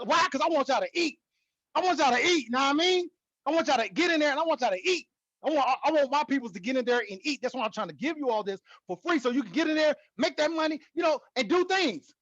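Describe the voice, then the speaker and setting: A man teaching stock trading in a casual, excitable way, repeating himself and hyping up his viewers. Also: very high voice, no room sound, dull audio. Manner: excitable, repetitive, hypes the viewer. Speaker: trading educator. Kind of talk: casual teaching talk to camera.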